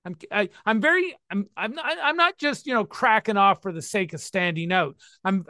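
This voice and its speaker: A man in his sixties with a high, bright, forceful voice, recorded dry and close. He speaks about recovery in a playful, emphatic, animated way. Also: dry recording. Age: 60s. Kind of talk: talk to listeners on recovery.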